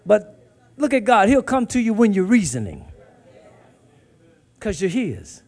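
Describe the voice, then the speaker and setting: High-voiced preacher shouting and hushing. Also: male voice, sing-song, a little slow. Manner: call-and-response preaching, swings from hushed to shouting. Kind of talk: sermon.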